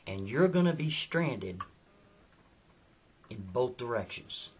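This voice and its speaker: A man voicing a calm, mysterious male hitchhiker who speaks matter-of-factly, in a slightly husky voice. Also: mid-range voice, slow pace, exaggerated voice. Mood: ominous. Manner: calm, matter-of-fact foretelling.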